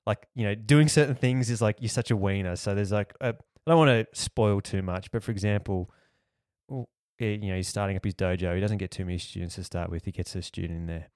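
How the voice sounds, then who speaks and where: Low-voiced Australian man chatting. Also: brisk, a little mellow, dry recording, studio quality. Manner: rambling, lots of likes and you-knows. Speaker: podcast host. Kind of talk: casual chat.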